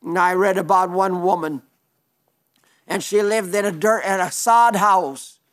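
A man's voice: high-pitched, unhurried, fairly bright tone. An older man preaching an earnest sermon, often repeating words for emphasis.

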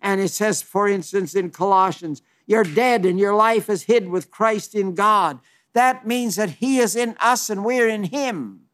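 A man in his nineties delivers a heartfelt sermon, his voice sitting noticeably high for a man. He speaks fervently and folksily, stumbling over restarts and circling back to his point. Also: a little slow, fairly bright tone. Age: 90s. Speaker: preacher.

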